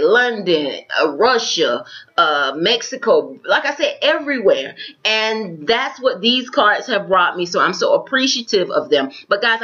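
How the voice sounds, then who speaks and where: A woman's voice: mid-range voice, fairly bright tone, highs cut off. A woman with a Florida accent, chatting to her viewers and giving a tarot reading in an upbeat, chatty way. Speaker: tarot reader. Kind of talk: casual tarot reading to camera.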